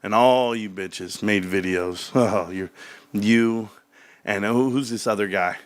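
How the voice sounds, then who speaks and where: A man's voice: on the low side, takes it slowly. A man ranting casually about stocks, joking and mocking others, now and then mimicking them in put-on voices. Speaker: stock commentary YouTuber.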